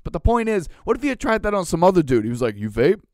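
A man's voice: high voice, sing-song, racing, darkish tone, no room sound, studio quality. A male podcast host telling a profane, ranting story in casual chat.

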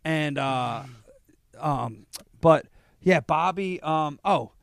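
A man in casual podcast conversation, excitable and high strung as he tells stories. His voice sits a bit higher than most men's. The recording is dry, with no room sound. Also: gravelly, dry recording. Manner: excitable, quick storytelling with many yeahs. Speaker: podcast co-host and comedy club owner. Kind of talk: casual chat. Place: office.

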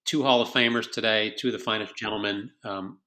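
A man with a low voice and a bright, forceful edge, closing out a podcast episode. He heaps thanks on his guests and runs through subscribe-and-follow requests. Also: steady tone, a little fast. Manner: effusive, grateful wrap-up with show plugs. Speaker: podcast host.

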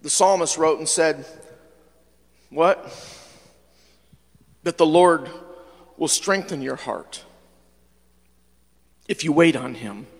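A man preaching a sermon as pastor, in an animated style that swings from hushed to loud. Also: on the high side, slow, vocal fry, long pauses, in a large hall. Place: church sanctuary.

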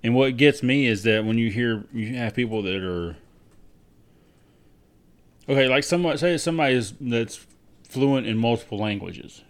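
Man, podcast co-host; mid-pitched voice, relaxed and wry, thinks out loud. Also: normal speed, pauses often. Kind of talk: casual chat.

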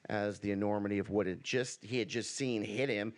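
A man's voice: on the low side, steady tone, brisk. A man hosting a casual podcast, reading a story aloud to his friends. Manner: reads a story aloud, breaks into laughter.

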